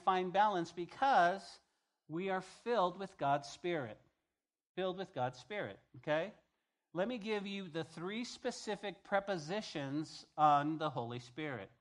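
A man preaching a sermon as pastor, animated and acting out the voices he quotes. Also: a little high.

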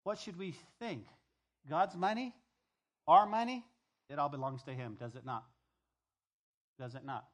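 A man's voice: a little high, a little slow, pauses often, fairly bright tone. A middle-aged male pastor preaching a conversational sermon, repeating key phrases and telling stories from the pulpit.

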